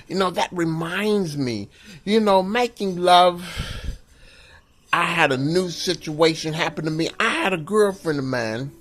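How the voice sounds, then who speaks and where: In a stand-up set, a man tells loose, rambling stories packed with "you know," breaking into a shrill falsetto wail for the panicky moments. He speaks unhurriedly, with a slightly bright sound.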